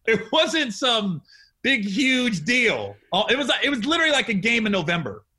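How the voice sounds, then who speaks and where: A man in his forties, a comedian hosting a casual chat, telling animated stories with lots of laughter. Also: extremely high pitch, normal speed, breathy edge. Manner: animated, laughing, acts out quotes. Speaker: podcast host, comedian.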